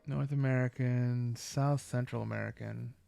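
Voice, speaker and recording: A man streaming a game live, chatting casually and thinking aloud with many halting restarts. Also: mid-range voice, steady tone, vocal fry, mellow, soft background music.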